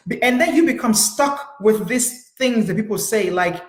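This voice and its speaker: A woman's voice: medium pitch, animated, normal speed. Woman therapist telling a story, earnest, lots of um and you know, echoey room. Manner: earnest, storytelling, many fillers. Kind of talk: personal talk to camera.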